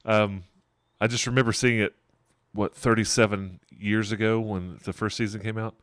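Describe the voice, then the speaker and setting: Chuckling middle-aged game master, low voice. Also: male voice, fairly even intonation, normal speed, fairly bright tone, smooth, no echo, clean studio sound. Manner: rambling, digressive scene description with frequent chuckles. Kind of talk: narrating a tabletop game.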